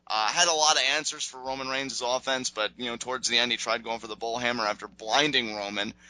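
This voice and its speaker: A man co-hosting a wrestling podcast, chatting through a recap in a casual, animated way. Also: mid-range voice, quick pace, no echo, rough recording. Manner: animated, acts out wrestlers' lines.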